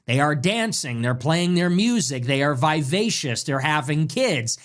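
A man's voice: on the high side, expressive, measured pace. A man delivering a scornful, mocking rant as a political commentator, hammering points through repetition. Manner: contemptuous, mocking, emphatic repetition. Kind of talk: ranting monologue.

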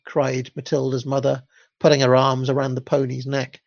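A man reads a children's story aloud in a gravelly voice, unpolished and now and then stumbling over a word. He sounds amused by the text. The recording is dull, dry and lo-fi. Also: mid-range voice, monotone, moderate pace, no room sound.

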